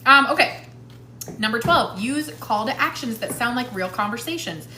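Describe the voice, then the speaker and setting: A woman's voice: fairly high pitch, lively intonation, moderate pace, pushed and bright, reverberant, a little hiss or hum. A woman hosting a live stream with casual tips, chatty and laughing often, talking while she eats.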